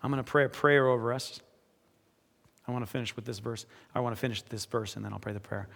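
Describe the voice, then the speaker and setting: A man preaching a sermon as pastor, moving between quiet, earnest reading and emphatic exhortation. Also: medium pitch, quick pace, vocal fry. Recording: echoey hall with long reverb.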